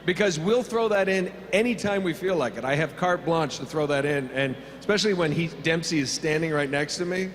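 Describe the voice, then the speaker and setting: A man's voice: fairly high pitch, fairly quick, few pauses. Joking man in an echoey convention hall. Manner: rambling, jokey, many fillers. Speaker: voice actor panelist. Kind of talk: convention panel Q&A answers. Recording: reverberant convention hall, faint hum.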